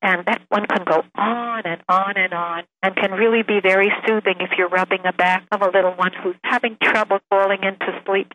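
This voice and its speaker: A woman answering interview questions as an expert, with a bright, forward tone. She explains in a gentle, animated way. A faint hiss sits under the recording. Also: medium pitch, low-quality recording. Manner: gentle, animated, explanatory, sings short demonstrations. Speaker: child development expert guest.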